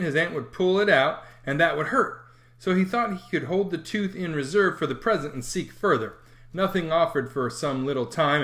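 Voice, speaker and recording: An audiobook reader narrating a classic novel with expressive, lively storytelling. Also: medium pitch.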